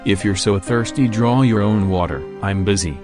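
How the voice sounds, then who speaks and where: A man's voice: fairly low pitch, moderate pace, music in the background, natural voice. A man voicing a spoiled, rude and jealous young woman who whines and grumbles. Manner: whiny, grumbling, snapping.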